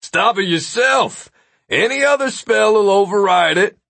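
A man's voice: medium pitch, expressive, moderate pace, fairly bright tone, slightly rough, no room sound. A man voicing a smug, mischievous male wizard who lectures and teases. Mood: yelling. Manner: lecturing, teasing.

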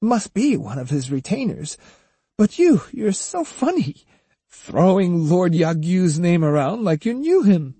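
A sly, teasing woman of the night, put on by a male reader in an audiobook. She mocks and coaxes in a high, sing-song lilt, her tone swooping up and down. The voice is husky and close, in a dry room. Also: sing-song, a little slow, dark tone, dry recording, heavily acted. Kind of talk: audiobook character voice.

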